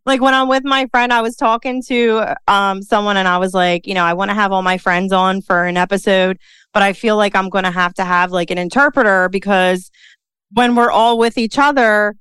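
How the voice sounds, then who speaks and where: A woman's voice: mid-range voice, steady tone, moderate pace, fairly bright tone, clean tone, dry recording. A woman with a Philadelphia accent hosting a casual podcast conversation, chatty and peppered with "like" and "you know.". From Philadelphia, USA. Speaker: podcast host and coach.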